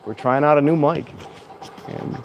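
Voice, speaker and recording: On the higher side in pitch, the man speaks at a measured pace with fairly flat intonation, and the recording sounds dull. He's outdoors at a very windy train station doing a rambling, casual vlog, self-correcting and now and then louder, through a clip-on mic plugged into a phone he's holding.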